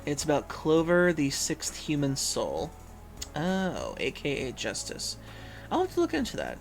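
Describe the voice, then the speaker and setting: A man's voice: a little high, wildly swooping pitch, a little slow, gravelly, faint music behind. A man hosting a livestream in casual chat, reading viewers' messages aloud and musing with frequent hums and fillers. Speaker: livestream host.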